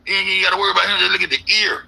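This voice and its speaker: A man's voice: sits high, steady tone, racing, vocal fry, bright, forceful tone, breathy edge, poor audio. A man ranting in a casual, profane, rambling way, repeating himself as an internet commentator. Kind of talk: casual conspiracy rant.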